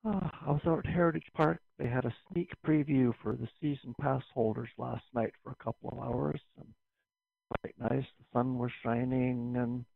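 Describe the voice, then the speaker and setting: A man's voice: medium pitch, fairly even intonation, moderate pace, vocal fry, breathy edge, dry recording. A man from Canada calling into a ham radio net, making easygoing small talk. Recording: tinny, dry radio link.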